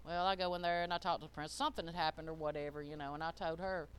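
An older woman preaching a sermon, emphatic and folksy, swinging between loud and hushed. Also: deep voice, fairly even intonation, very fast, a little hiss or hum.

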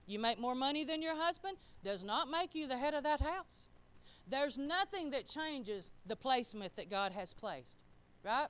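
A woman's voice: high-pitched, clear, resonant tone. Emphatic woman preaching. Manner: emphatic preaching, swings from loud to soft; conversational, with colloquial grammar. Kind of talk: sermon.

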